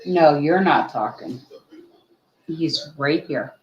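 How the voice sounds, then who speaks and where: Slow-talking woman chatting on a livestream. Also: low voice, roomy sound, dull audio, a little hiss or hum. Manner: chatty, scolds a puppy, laughs often. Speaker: livestream co-host. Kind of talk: casual livestream chat. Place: home. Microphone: earbuds.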